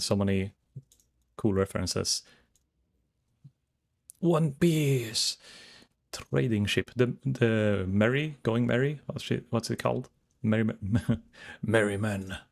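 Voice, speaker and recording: A man's voice: on the low side, normal speed, gravelly. A man chatting casually to his viewers while streaming a game, rambling as he browses and reads chat.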